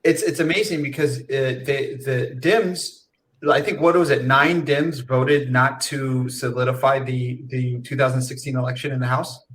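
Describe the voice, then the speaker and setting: A man's voice: mid-range voice, fairly even intonation, normal speed, fairly bright tone, slight background noise, low-quality recording. A man co-hosting a podcast, talking casually with swearing and restarts. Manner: laid-back, swearing, restarts. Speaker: co-host. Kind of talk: casual chat.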